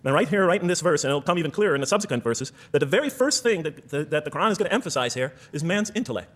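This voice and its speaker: Animated man lecturing, high and lively. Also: very fast. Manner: animated, rhetorical questions, reads verses aloud. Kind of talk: lecture to a live audience.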